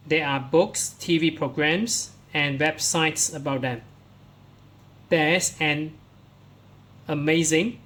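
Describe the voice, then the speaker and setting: A male English teacher talks pupils through workbook answers one by one. He speaks slowly, with a slightly raised pitch, and keeps coming back to "so" as he reads the text aloud and points out where each answer is found. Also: fairly bright tone. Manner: slow, explains step by step, starts lines with "so".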